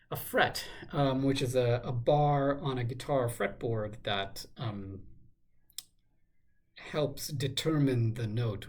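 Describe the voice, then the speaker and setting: A man thinking aloud in a measured, musing way as he works through a crossword, now and then correcting himself. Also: mid-range voice, slight background noise. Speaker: crossword solver. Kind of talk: thinking aloud while solving a puzzle.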